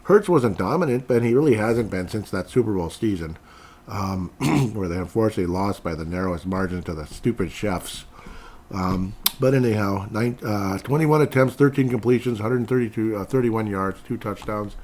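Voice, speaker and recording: A man hosting a casual sports podcast, rambling along with animated jumps and grumbling asides. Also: on the low side, normal speed. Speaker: podcast host.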